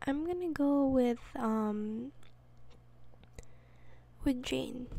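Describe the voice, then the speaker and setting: A woman giving casual gameplay commentary, excitable, with gasping exclamations and whispered asides. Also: high-pitched, very slow, pauses often, a little hiss or hum. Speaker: let's play gamer.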